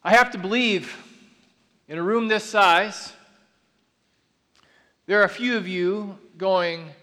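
A man preaching a sermon to a large congregation, earnest, slowing down to stress key lines. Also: sits high, pushed and bright. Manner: earnest, builds to emphatic slow declarations. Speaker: pastor. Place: large church auditorium. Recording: long reverb of a large hall.

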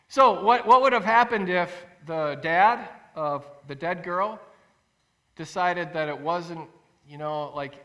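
A man preaching a sermon as pastor, earnest and animated, acting out quotes and repeating phrases for emphasis. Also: high voice, slow. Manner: animated storytelling, acts out quotes with rising voice.

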